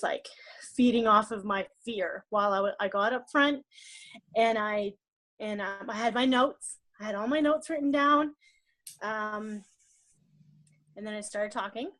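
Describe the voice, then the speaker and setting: A woman on a team call, telling a personal story about stage fright, fast and emotional, often repeating words. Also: mid-range voice, a bit bright. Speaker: network marketing team leader. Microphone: call or stream mic.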